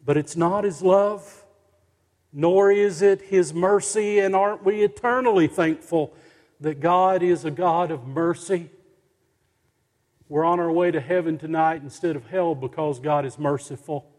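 A male pastor delivering a sermon at a deliberate, unhurried pace, lingering on each stressed word. His voice sits a little high for a man. The sound carries a long reverb, as in a church sanctuary. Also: a little mellow. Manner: slow, emphatic preaching with dramatic pauses.

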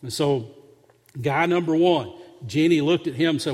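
A man's voice: a little high, normal speed, darkish tone. A male pastor preaching a sermon, telling a humorous story with an earnest, conversational manner. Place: church sanctuary. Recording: long hall reverb.

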